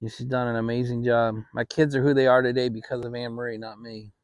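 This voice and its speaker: A middle-aged channel host tells a story casually in a medium-pitched voice, talking a little fast with no echo. He's at home in a relaxed fireside setting, rambling easily and restarting his sentences.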